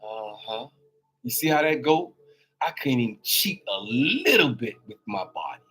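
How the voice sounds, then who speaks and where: A man's voice: medium pitch, sing-song, measured pace, fairly bright tone, husky. A man hosting his own daily live show, preaching in an informal way. He repeats words and calls his listeners y'all. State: on a crutch with a swollen knee. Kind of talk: preacher-style live monologue.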